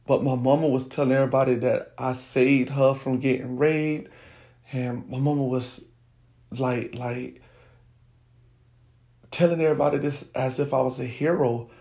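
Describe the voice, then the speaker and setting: A man's voice: medium pitch, gravelly, darkish tone. A man, hosting a podcast and candidly telling a personal story straight to his listeners. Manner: candid, addresses listeners directly. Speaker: podcast host.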